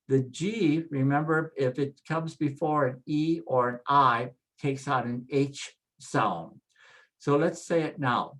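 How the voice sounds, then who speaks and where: A pronunciation instructor teaching Spanish names, spelling out the vowels and repeating each name slowly and patiently. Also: medium pitch. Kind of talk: spoken pronunciation lesson.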